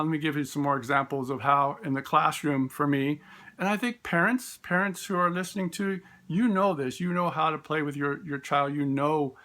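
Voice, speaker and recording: Bright-voiced man telling classroom stories. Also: fairly high pitch. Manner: warm storytelling, acts out voices in quotes; frequent fillers and restarts. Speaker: special education teacher. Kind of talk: informal talk with classroom stories.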